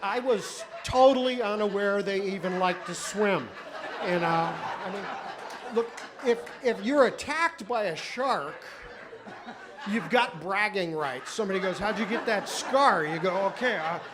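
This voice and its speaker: A middle-aged comedian does a self-mocking, rambling stand-up set on a club stage, speaking at a measured pace in a high-pitched voice with lively intonation. It's a live club recording, with audience laughter and crowd noise behind him.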